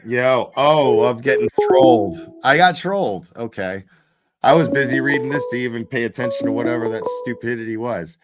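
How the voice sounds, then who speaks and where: A man's voice: medium pitch, moderate pace, over loud music. A man hosting a casual livestream with callers, laid-back and swearing freely. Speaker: livestream host.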